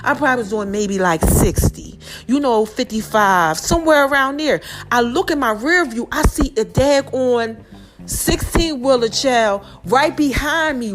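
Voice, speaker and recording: Animated high-voiced woman podcaster. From New Jersey. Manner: animated, exclaims often, slangy and emphatic. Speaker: podcast host. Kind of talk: casual storytelling monologue.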